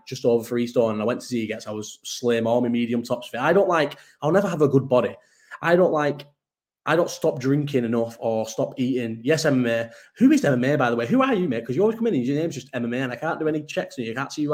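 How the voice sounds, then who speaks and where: A man's voice: medium pitch, a little mellow. A man, hosting a live chat show and talking in a loose, rambling, self-mocking way with plenty of swearing. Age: 30s. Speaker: podcast host.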